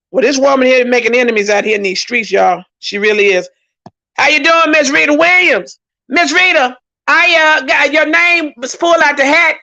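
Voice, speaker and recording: Woman livestream host, high voice, emphatic and repetitive. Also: bright, forceful tone, muffled recording. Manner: talkative, emphatic, repeats herself for emphasis. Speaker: host reading viewer comments. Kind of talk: casual livestream commentary.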